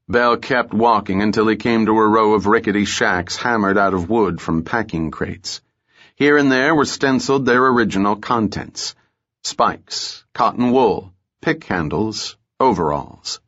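Low-voiced male audiobook narrator. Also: unhurried, a bit bright. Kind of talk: scripted narration. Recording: muffled lo-fi audiobook.

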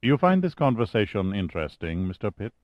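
A man voicing a suave, calculating male schemer who speaks in a smooth, purring way. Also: lowish voice, sing-song, brisk, dry recording, dull audio. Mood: smug.

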